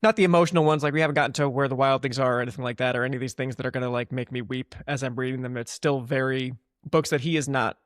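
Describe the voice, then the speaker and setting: A man's voice: medium pitch, steady tone, rapid-fire, few pauses, dry recording. A man in his thirties co-hosting a podcast, telling wry stories in casual chat and acting out bits in silly voices. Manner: wry storyteller, dry jokes, acts out bits in silly voices. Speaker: podcast co-host.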